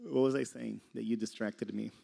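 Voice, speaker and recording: A man's voice: on the low side, steady tone, moderate pace, vocal fry, dark tone. A young man giving a casual sermon, conversational and laughing often, sometimes losing his train of thought. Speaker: preacher.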